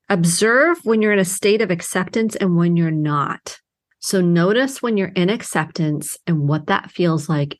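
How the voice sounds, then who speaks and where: A middle-aged woman therapist hosting her own podcast, talking alone in an earnest, heartfelt way with emphatic bursts. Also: fairly low pitch. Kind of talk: reflective solo podcast monologue.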